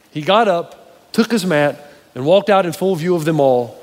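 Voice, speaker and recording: A man's voice: fairly high pitch, moderate pace. A male pastor preaching a sermon to a live audience, telling stories and speaking to the crowd directly. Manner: storytelling preacher, animated, addresses the audience directly. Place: church hall with a live audience. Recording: reverberant hall, faint ambience.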